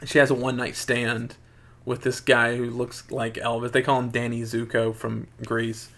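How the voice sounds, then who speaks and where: A man's voice: mid-range voice, monotone, moderate pace, a bit bright. A man casually retelling a film's plot as a podcast co-host, rambling with plenty of fillers. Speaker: podcast co-host reviewing a film. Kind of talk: casual chat.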